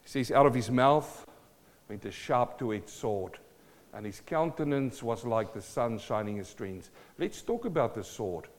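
At a measured pace and mid-range pitch, a pastor delivers an animated sermon, repeating phrases and breaking into laughter between points. The recording carries the long reverb of an echoing hall.

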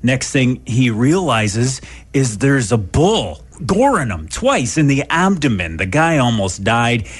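Lively jokey radio co-host, male. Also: mid-range voice, slow pace, husky. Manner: chatty, jokey storyteller. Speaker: radio morning show co-host. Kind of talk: casual on-air banter. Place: radio studio.

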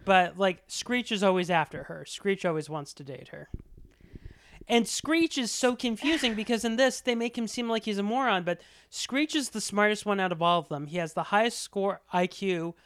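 A woman's voice: mid-range voice, normal speed, clean tone, no room sound, studio quality. A woman co-hosting a podcast, telling a gossipy story in casual chat and swearing freely. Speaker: podcast co-host.

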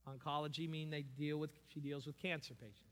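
A man preaching a sermon as pastor, building to slow, emphatic peaks. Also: fairly high pitch, little pitch movement. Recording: long hall reverb.

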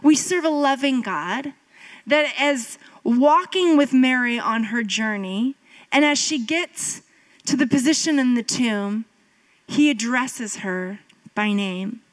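A woman pastor in her thirties preaching a sermon in a conversational, storytelling way, often jumping up in pitch for emphasis. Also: lively intonation, slow, rough recording. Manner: conversational, with filler "like" and asides.

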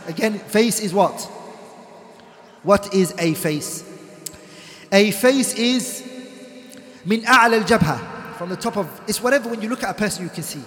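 A man teaching a classroom lecture, reciting Arabic text quickly and then explaining it in English, putting questions to the class. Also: sits high, fairly bright tone. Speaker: teacher of Islamic law. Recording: echoey hall.

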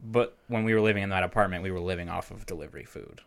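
A man hosting a podcast, telling rambling, animated stories in casual chat. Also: deep voice, racing, gravelly. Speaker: podcast host.

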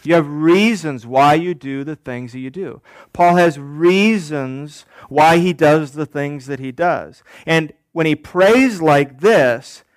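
A man preaching a sermon as pastor, deliberate, repeating key phrases and asking the congregation rhetorical questions. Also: on the high side, dry recording.

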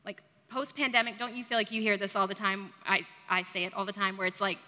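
A woman's voice: medium pitch, little pitch movement, fast, bright, forceful tone, big-room sound. A woman preacher giving a chatty, self-deprecating sermon in a conversational way. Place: church service.

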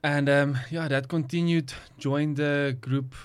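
A young man in his twenties with a South African accent, a guest athlete speaking casually and hesitantly with lots of pauses. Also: a little high, clear, resonant tone. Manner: relaxed, hesitant, many ums. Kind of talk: casual interview chat.

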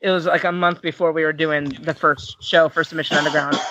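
A woman guest, a fight matchmaker, chatting in a casual interview, excitable and quick to laugh. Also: low-pitched, slight background noise, low-quality recording. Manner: excitable, laughs often, self-described nervous reactor. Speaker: MMA matchmaker and commentator, guest.

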